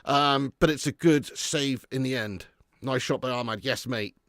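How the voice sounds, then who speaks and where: A man hosting a live match watch-along, chatting excitedly with viewers and calling them mate and lad. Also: mid-range voice, moderate pace, no echo, studio quality. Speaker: fan channel host doing a live match watch-along. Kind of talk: casual live-stream commentary and chat.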